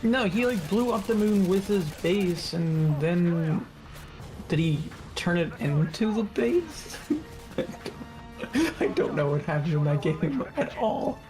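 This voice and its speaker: A man's voice: sits high, animated, takes it slowly, a little mellow, faint music behind. A man co-hosting a gaming stream, rambling casually with laughs and the odd curse. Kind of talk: casual gameplay chat.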